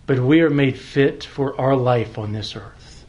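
A man preaching a sermon to a congregation, slow and emphatic, repeating words and pausing for weight. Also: medium pitch, darkish tone, highs cut off, a little hiss or hum. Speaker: pastor. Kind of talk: expository sermon.

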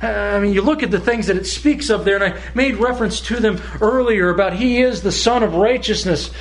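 Pastor, male, high voice, earnest sermon delivery with slow emphatic phrases. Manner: earnest, repeats words when searching, slows for emphasis.

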